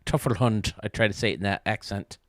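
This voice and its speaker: A man's voice: fairly low pitch, fast, a bit bright, no echo, clean studio sound. A male streamer chatting casually with his viewers while gaming, joking and swearing freely.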